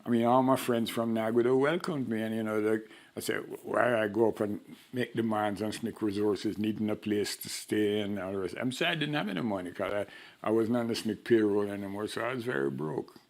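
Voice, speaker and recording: Fairly low-pitched and brisk, an older man with a Jamaican accent speaks plainly and frankly in an oral history interview, spinning his stories with a wry edge.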